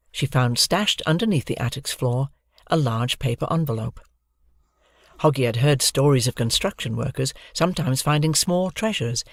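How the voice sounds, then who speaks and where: An audiobook narrator reading a children's adventure novel in a lively, expressive manner, close to the microphone. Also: mid-range voice, no room sound.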